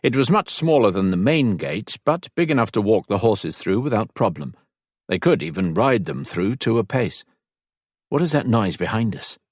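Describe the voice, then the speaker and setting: A man narrating an audiobook in measured, even storytelling. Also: lowish voice, slightly rough, dry recording, studio quality. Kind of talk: scripted narration.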